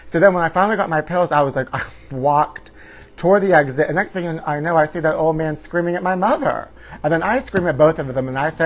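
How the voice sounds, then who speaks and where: A man's voice: on the high side, lively intonation, a little fast, low-quality recording. Flamboyant campy man telling a story. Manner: flamboyant, theatrical, calls listeners honey, bursts into shouted quotes. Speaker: comedy show host.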